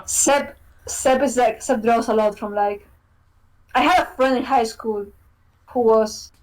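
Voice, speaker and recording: A woman's voice: a little high, a little slow, rough recording. A young woman, a game developer, chatting as a guest over a video call, rambling and giggly. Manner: rambling, full of fillers and restarts, giggly. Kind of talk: casual online interview.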